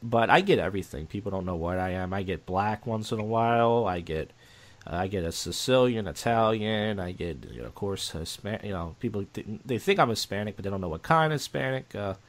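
Young guy on a podcast, kinda low voice, rambles and restarts a lot. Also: animated. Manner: rambling, halting, many restarts and fillers. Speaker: podcast co-host. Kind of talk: casual podcast chat.

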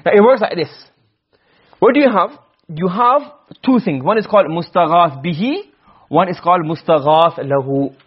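A man teaching Arabic grammar to a class, asking questions and answering them himself, and reciting verses slowly. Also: high voice, breathy edge, muffled recording. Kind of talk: classroom lecture.

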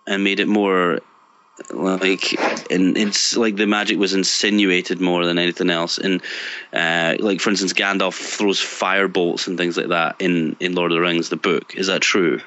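A young British man chatting casually and laughing often while telling stories. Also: low-pitched. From Britain. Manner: laughs often, animated storytelling. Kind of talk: casual chat. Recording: dull lo-fi sound.

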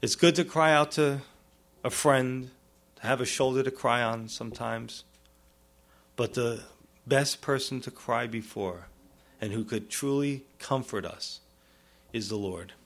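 A man preaching a sermon as a pastor, earnest, with pleading rises and soft low drops, often asking "you see?" and "right?". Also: measured pace.

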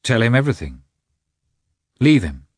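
A man doing a firm, calm young officer. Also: mid-range voice, normal speed, no echo, studio quality, voice pushed up.

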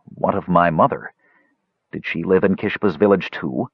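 A man's voice: sits low, normal speed, vocal fry, husky, no room sound, full character voice. A man voicing a cautious male half-elf who asks wary questions, on a dull lo-fi recording.

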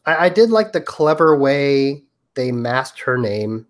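A man co-hosts a movie podcast in a loose, conversational way, pausing with fillers while he looks over his notes. His voice sits at an ordinary middle pitch. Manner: relaxed, reads from notes with fillers. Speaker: podcast co-host. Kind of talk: casual chat.

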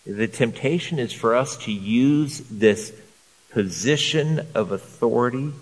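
A man preaching a sermon to men in an earnest, measured way, repeating phrases for emphasis. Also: medium pitch, long reverb tail. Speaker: pastor.

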